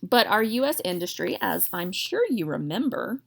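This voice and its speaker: A woman's voice: medium pitch, sing-song, moderate pace, vocal fry. A woman history teacher giving a recorded lecture in a chatty, digressive way, with self-deprecating jokes.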